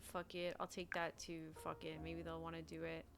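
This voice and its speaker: A deep, monotone voice at a moderate pace belongs to a young woman streaming a roleplay game. She keeps up casual chat, giggles often, and mutters to herself, in both gaming talk and in-character roleplay, with faint music in the background.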